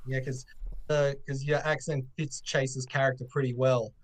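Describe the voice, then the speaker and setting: A man's voice: mid-range voice, flat delivery, normal speed. A man co-hosting an interview show on a video call, asking long rambling questions full of fillers. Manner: hesitant, filler-heavy, rambling. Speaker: podcast co-host. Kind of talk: casual interview chat.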